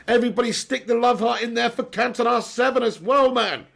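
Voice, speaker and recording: Bantering man hosting a live stream, high gravelly voice, sore throat. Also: brisk, a bit bright. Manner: laughing, banter-filled, thanks viewers. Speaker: football watch-along streamer. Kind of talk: live stream chat reading.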